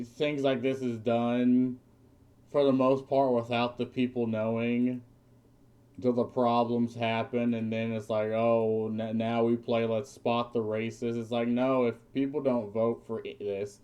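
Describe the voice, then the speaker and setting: Man streamer, slow deliberate delivery, mellow low tone, blunt profane ranter. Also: highs cut off. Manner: blunt and profane, with mocking put-on quotes. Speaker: streamer reacting to a video. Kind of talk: ranting commentary.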